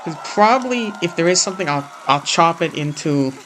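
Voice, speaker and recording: A man's voice: fairly high pitch, lively intonation, brisk, a bit bright, a faint crowd, slight background noise. A man casually commenting on a live showcase as he streams, rambling and hesitant. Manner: rambling, hesitant, talks over the broadcast.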